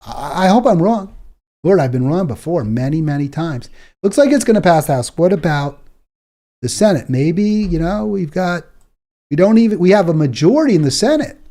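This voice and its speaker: A man's voice: fairly high pitch, lively intonation, moderate pace, mellow. A man hosting a political talk show, delivering an indignant, exasperated monologue and stumbling over repeated words when worked up.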